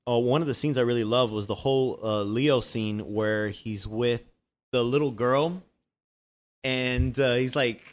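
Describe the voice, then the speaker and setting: A man co-hosting a casual film review chat, relaxed and quick to laugh, swearing casually and acting out bits he remembers. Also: medium pitch. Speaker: podcast co-host.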